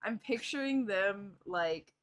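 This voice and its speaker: A woman's voice: medium pitch, lively intonation, slow pace. A woman playing in a tabletop game, casual and rambling, with many fillers and frequent laughter. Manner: giggly, rambling, lots of fillers. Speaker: player.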